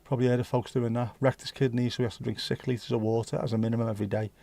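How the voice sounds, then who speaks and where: A man's voice: mid-range voice, flat delivery, racing, gravelly, dark tone. A man hosting a casual livestream, reading out viewer comments with jokey banter and slipping into bits of Dutch and Spanish. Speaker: livestream host.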